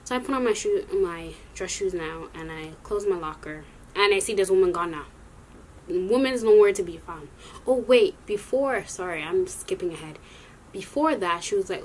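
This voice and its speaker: A young adult woman telling a story in a casual vlog, rambling and animated, often correcting herself as she goes. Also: fairly low pitch, moderate pace, slight background noise. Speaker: vlogger.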